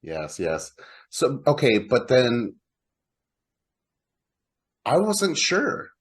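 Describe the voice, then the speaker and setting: A man's voice: mid-range voice, wildly swooping pitch, very slow, slightly rough. A man co-hosting a casual podcast about horror movies, laid-back, swearing and laughing along. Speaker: podcast co-host.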